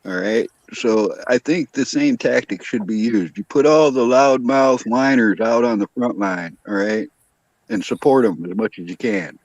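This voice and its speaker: A man's voice: mid-range voice, normal speed, no echo, dull audio. A man with a mid-range voice adds wry jokes to a laid-back conversation. He speaks in short remarks, and the sound is dry and close. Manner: wry, joking comments. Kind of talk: casual chat.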